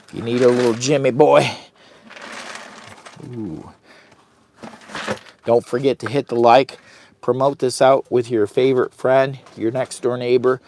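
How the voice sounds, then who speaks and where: A man's voice: mid-range voice, level tone, a little slow, pauses often, a little mellow, slight background noise. A man rambling casually on a phone live stream from inside a heated tent, urging viewers to like and share. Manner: chatty, hypes viewers to like and share. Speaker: vlogger livestreaming from a camping trip.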